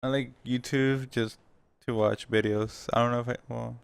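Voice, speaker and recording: Brief: male podcast co-host, relaxed halting talk, gravelly yet smooth, close dry mic. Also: mid-range voice, no echo. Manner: laid-back, halting, laughs mid-sentence. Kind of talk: casual chat.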